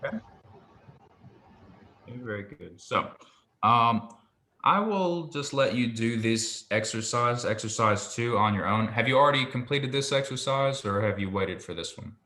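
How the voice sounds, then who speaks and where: A man's voice: mid-range voice, normal speed, sharp tone. A man tutoring biblical Hebrew one-on-one, patiently modelling pronunciation and encouraging his student. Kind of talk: one-on-one language lesson.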